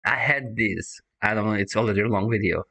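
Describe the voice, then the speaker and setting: A man's voice: lowish voice, brisk, pushed and bright, rough recording. A man hosting a reaction video, talking casually, laughing often and swearing freely.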